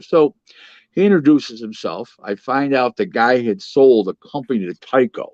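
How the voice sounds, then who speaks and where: A man who works as a boxing advisor, telling a casual anecdote in an animated way and stumbling through restarts. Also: mid-range voice, moderate pace, dry recording. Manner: animated storyteller, restarts and acts out other people's voices. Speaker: boxing advisor and interview guest. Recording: dull lo-fi, dry audio.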